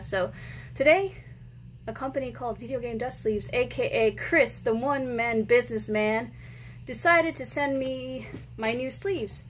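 An excitable woman hosts a casual unboxing vlog for her gaming channel. Her voice sits a little high, and she gushes and squeals with delight. Faint noise hums under the recording. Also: poor audio. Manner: excitable, gushing, often squealing and laughing.

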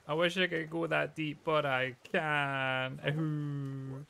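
A young man streaming a video game, giving animated, joking commentary and swearing freely. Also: a little high, slow pace, vocal fry. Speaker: let's play streamer. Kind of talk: casual gaming commentary.

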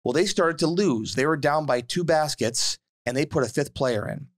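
A man in his forties co-hosting a podcast, telling a story in casual chat, repeating words and getting more excited as he goes. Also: moderate pace. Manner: animated, repeats words and restarts, rises in pitch when worked up. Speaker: podcast co-host and youth basketball assistant coach.

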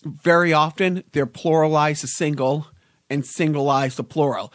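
A man's voice: a little high, fairly even intonation, unhurried, no echo, clean studio sound. A middle-aged man co-hosting a podcast, telling stories in a rambling way with stammers and repeated words. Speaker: podcast co-host. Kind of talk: casual chat.

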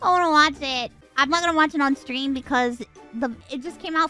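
A woman's voice: high-pitched, normal speed, few pauses, pushed and bright, faint music behind. A woman streamer in casual stream chat, ranting animatedly and exasperatedly, with frequent swearing.

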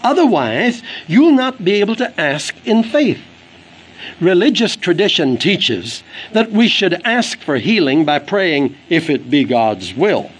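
A man's voice: high voice, big pitch swings, a little slow, breathy edge, poor audio. A man delivering an earnest, emphatic sermon for an audio book, quoting scripture as he preaches. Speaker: evangelist preacher.

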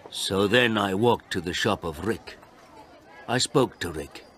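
A man reading a graded story aloud for English learners, slowly and carefully. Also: lowish voice, a faint crowd, slight background noise. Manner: slow, careful and expressive. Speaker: story reader.

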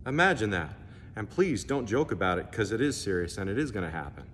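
A male pastor from the United States, his voice on the low side and a little fast, preaches in a church hall. He tells animated stories and performs the dialogue. The echoey recording has faint ambience and a little hiss or hum.

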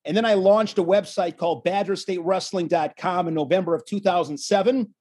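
A man who works as a wrestling commentator, guest on an interview show, telling stories in an animated way and acting out what people said. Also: high-pitched, brisk, husky. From Wisconsin. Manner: animated storyteller, acts out quotes. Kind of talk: casual storytelling interview.

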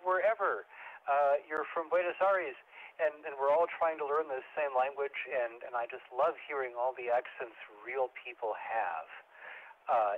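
A man hosting an amateur radio net, chatting in a friendly way with frequent restarts. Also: mid-range voice. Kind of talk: casual on-air discussion. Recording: narrow amateur radio transmission.

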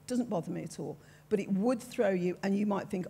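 An older woman with a strong Brummie accent talks on a discussion panel, frank, emphatic and sure of herself. Her voice has a gravelly, husky edge. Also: mid-range voice, fairly quick, mellow. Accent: Birmingham. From Birmingham, England. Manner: frank, emphatic, self-assured.

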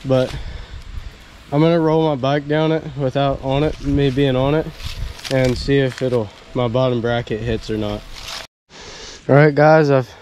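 A man's voice: medium pitch, steady tone, measured pace, a little mellow. A man casually chatting while riding his mountain bike on wooded trails, talking into an action camera outdoors. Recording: noisy outdoor action-cam audio.

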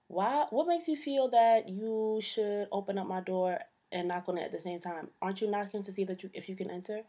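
A woman's voice: mid-range voice, a little fast, mellow. A young woman ranting to camera about her pet peeves in a sassy, exasperated, slangy way. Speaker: vlogger. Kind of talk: casual comedic rant to camera.

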